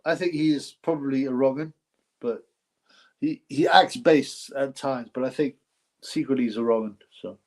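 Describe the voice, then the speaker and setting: A man's voice: medium pitch, moderate pace. A man hosting a casual live stream, rambling, repeating himself, and effusively thanking donors. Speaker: livestream host reading donations.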